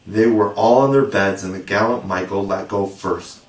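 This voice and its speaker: Male audiobook narrator, low voice, expressive storybook reading; echoey room. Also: moderate pace, hardly any pauses. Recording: roomy, distant mic.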